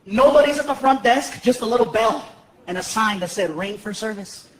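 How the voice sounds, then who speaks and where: A male stand-up comedian telling stories on a live stage, animated and shouting his punchlines. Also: very high-pitched, brisk. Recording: noisy live show with loud crowd.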